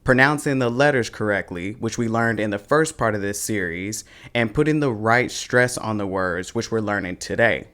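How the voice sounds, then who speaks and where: A man's voice: on the low side, a bit bright. A man teaching a pronunciation lesson in a scripted video, with a casual slangy manner. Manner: casual slangy, slow and deliberate. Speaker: Spanish teacher.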